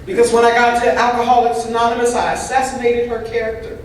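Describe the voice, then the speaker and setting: A woman's voice: on the high side, monotone, fast talker, distant mic, a little hiss or hum. Woman voicing a recovery talk in a very echoey hall. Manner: humorous conversational storytelling. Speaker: voice interpreter for a signed recovery talk. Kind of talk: first-person interpreted speaker talk. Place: large convention hall.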